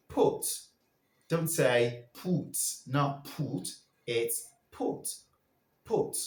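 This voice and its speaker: Slow, lively-voiced pronunciation teacher man. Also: on the high side, echoey room. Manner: drills sounds for listeners to repeat.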